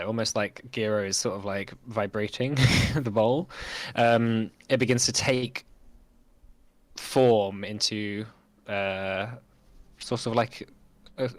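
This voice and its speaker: A man's voice: on the low side, fairly bright tone, dry recording. A man running a tabletop game as game master, narrating hesitantly with many fillers. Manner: hesitant, many ums and likes.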